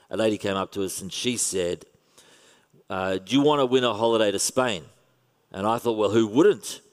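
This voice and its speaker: Australian man preaching in a hall. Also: on the low side. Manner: conversational preaching with wry humour. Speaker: pastor. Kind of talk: sermon.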